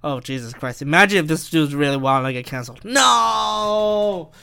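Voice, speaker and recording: A man's voice: medium pitch, quick pace, sharp tone, smooth. A young man hosting a solo podcast, rambling and swearing, often cutting himself off mid-sentence. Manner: rambling, profane, self-interrupting. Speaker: podcast host.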